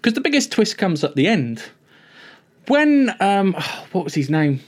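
A man talks through a TV episode with a friend, his voice sitting a little high. He rambles, backtracks and swears freely as he retells the plot. The tone is loose, unscripted chat. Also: big pitch swings, a little slow. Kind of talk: casual TV recap chat.

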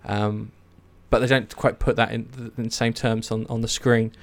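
A man's voice: mid-range voice, little pitch movement, normal speed. A man chatting casually and eagerly about a series, rambling with many fillers and restarts. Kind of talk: casual chat.

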